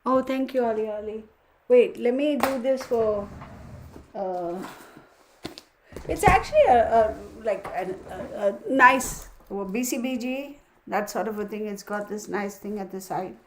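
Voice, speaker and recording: A woman's voice: a little high, expressive, unhurried, background noise. A woman hosts a casual tarot livestream and talks straight to her viewers. She sighs often and mutters her counting under her breath. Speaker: tarot reader livestream host.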